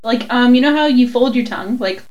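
A woman co-hosting a casual chat, animated and quick to laugh, swearing freely. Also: fairly high pitch, dull audio. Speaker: podcast co-host.

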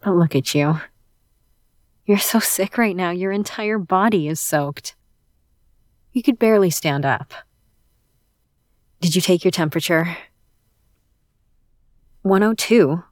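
A woman speaks slowly and without hurry in a romantic audio role-play, her voice a little low for a woman. She addresses an unseen listener intimately, shifting between a bossy tone and a doting one. The recording is close and dry, with no room sound around her. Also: darkish tone, no room sound.

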